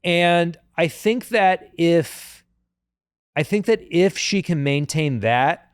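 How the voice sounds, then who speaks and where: A man co-hosts a casual podcast, talking in an animated, joking way. His voice sits a little high. The sound is close and dry. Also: smooth, no room sound. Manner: animated, jokey, puts on quick voices, many fillers. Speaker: podcast co-host. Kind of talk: casual chat.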